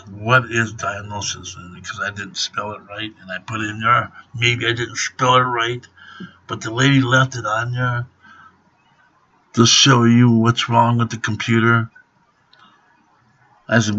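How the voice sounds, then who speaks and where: A man's voice: mid-range voice, little pitch movement, a little slow, pauses often, fairly bright tone. A middle-aged man ranting and swearing to the camera in an angry home vlog. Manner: profane, ranting, grumbling. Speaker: vlogger. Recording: dull lo-fi home recording.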